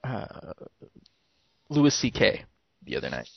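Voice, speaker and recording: A man in his thirties hosting a podcast in casual chat, laughing and retelling jokes with lively voices, on a dull lo-fi podcast recording. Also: mid-range voice, unhurried, gravelly, no echo. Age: 30s. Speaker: podcast host.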